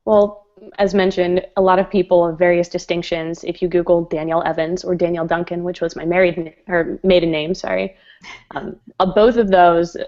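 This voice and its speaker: A woman's voice: lowish voice, level tone, fairly quick, a little mellow, lo-fi sound. A woman guest in a casual interview chat, talking in a chatty way with frequent laughs and fillers. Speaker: guest designer.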